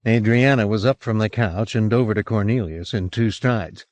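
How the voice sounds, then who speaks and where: On an old cassette, a man reads a novel aloud as an audiobook narrator, raising his pitch to voice each character. His tone is darkish, his pace moderate, and the recording is dry.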